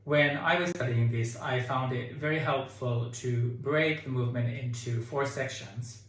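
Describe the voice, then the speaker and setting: Male choir director, slow deliberate delivery, very reverberant room. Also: mid-range voice. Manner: explains calmly, sings phrases to demonstrate. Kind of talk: choir singing tutorial. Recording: echoey room with keyboard.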